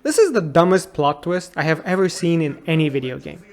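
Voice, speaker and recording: A man's voice: on the high side, lively intonation, brisk. A man in his thirties narrating a comedic game retrospective in a sarcastic, incredulous and exasperated way. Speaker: YouTube game reviewer.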